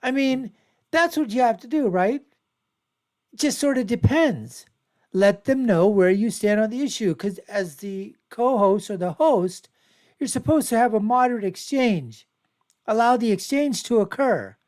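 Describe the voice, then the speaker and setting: A man's voice: extremely high pitch, lively intonation, measured pace, a little mellow. A man hosting his own show, giving rambling, repetitive, emphatic commentary on video clips. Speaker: show host.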